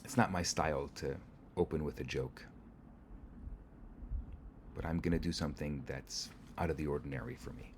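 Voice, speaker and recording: A man giving a gentle, earnest holiday sermon as rabbi. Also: extremely low pitch, fairly even intonation, normal speed, long pauses, slight background noise.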